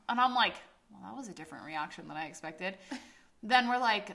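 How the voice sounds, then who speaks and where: Animated swearing woman telling a story. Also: medium pitch, brisk, vocal fry. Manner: animated, swearing often, acts out quotes loudly. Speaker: podcast co-host. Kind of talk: casual storytelling chat.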